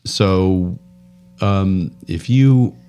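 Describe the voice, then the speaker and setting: Man, very low voice, podcast co-host, casual rambling banter, chuckles a lot. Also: extremely slow, mellow, clear, resonant tone. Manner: rambling, laughs often, trails off mid-sentence.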